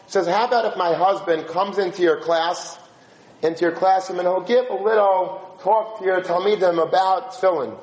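A man with a high voice tells a story to listeners, acting out each character's lines as he goes. His speed shifts from quick bursts to slow, stretched phrases. The sound carries a roomy echo. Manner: animated, acts out dialogue with shifting voice and pace. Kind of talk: spoken religious story.

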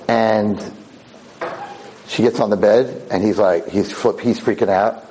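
Brief: male rabbi, mellow tone, lively storyteller, repeats for emphasis. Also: lowish voice, a little slow, slight background noise, rough recording. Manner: animated, repeats words for emphasis. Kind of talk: Torah lecture storytelling.

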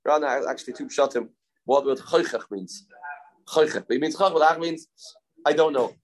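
A man's voice: fairly high pitch, a little fast. Man thinking aloud through a Talmud class. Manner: thinking aloud, repeating phrases, mixing Hebrew terms into English. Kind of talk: informal Talmud lesson.

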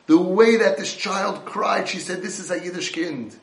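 Guy giving a fired-up torah lecture, kinda high voice, echoey room. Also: moderate pace. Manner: impassioned, mixes Hebrew and Yiddish terms.

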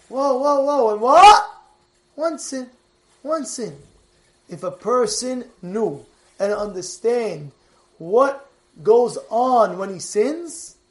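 A male rabbi preaches a sermon with a very high-pitched voice. He is animated and repeats himself for emphasis, and now and then his voice swells into a shout. The delivery feels like an informal talk to a congregation. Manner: animated, repetitive, bursts into shouting.

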